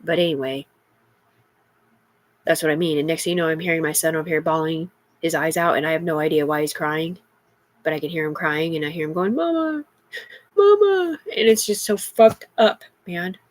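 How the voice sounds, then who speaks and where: A woman's voice: sits low, steady tone, fast talker, no echo. A middle-aged woman in an agitated, rambling livestream monologue, heavy with profanity.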